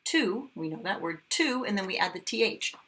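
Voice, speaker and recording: A kindergarten teacher, a woman, sounding out words slowly and with exaggeration for young children in a phonics lesson. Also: mid-range voice, lively intonation, a bit bright, breathy edge.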